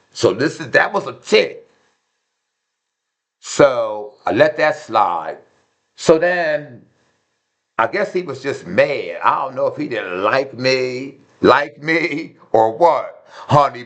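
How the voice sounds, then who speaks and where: A man in his fifties telling a personal story in a loud, emphatic, repetitive way. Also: medium pitch. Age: 50s.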